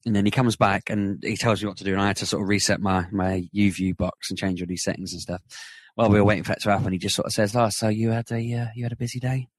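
A man co-hosting a podcast, telling an animated story in casual chat. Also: fairly low pitch, fast talker, no echo. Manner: animated, rising to excited retelling. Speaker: podcast co-host.

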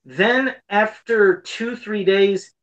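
A man's voice: sits high, drawn-out words, a bit bright, dull audio. A man co-hosting a casual podcast chat, talking in an earnest, rambling way that circles back on itself. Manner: rambling, earnest, repeats himself. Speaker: podcast co-host.

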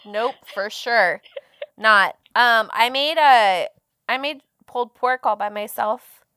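Giggly young woman, bright voice, chatty storyteller, dry close mic. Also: on the high side, slow pace, smooth, dry recording. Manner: giggly storyteller, breaks into laughter often. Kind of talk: casual chat.

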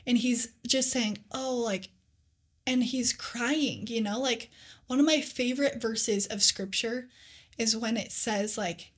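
Earnest young woman, slightly high voice. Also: slow pace, breathy edge. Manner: earnest, animated storytelling with many "like"s. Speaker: podcast co-host. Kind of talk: casual faith chat.

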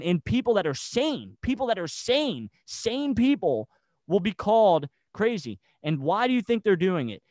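A man's voice: a little high, darkish tone, dry recording. A man ranting heatedly in a casual chat, stammering and restarting his sentences. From United States. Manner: agitated and rambling, with stammered restarts.

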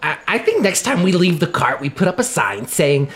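A player in a tabletop game, speaking in character with quick, dry quips. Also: mid-range voice, sing-song, a bit bright.

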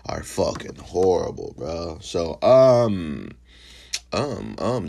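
A young man hosting a casual solo podcast who is high, rambling and swearing freely between fillers. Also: gravelly, breathy edge. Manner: rambling and profane, full of fillers. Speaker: podcast host.

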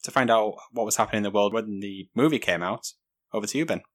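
A man co-hosting a casual film podcast, giving dry, deadpan opinions. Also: fairly low pitch, quick pace. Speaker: podcast co-host.

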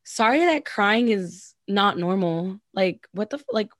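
A woman's voice: mid-range voice, animated, a little slow, a bit bright, no echo, clean studio sound. A young adult woman co-hosting a casual chat. She talks bluntly and emphatically, swears freely and leans on "like.". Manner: blunt, profane, emphatic, heavy use of "like". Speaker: podcast co-host.

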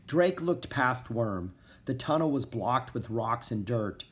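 A man narrating a children's storybook in an expressive, dramatic reading style. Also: mid-range voice, slow pace. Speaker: audiobook narrator.

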